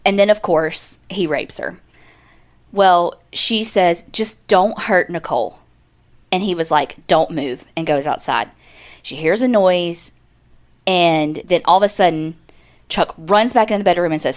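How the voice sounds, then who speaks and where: With a fairly low pitch and measured pace, a woman co-hosting a podcast casually recounts a true-crime case. She weaves in quoted dialogue and asides.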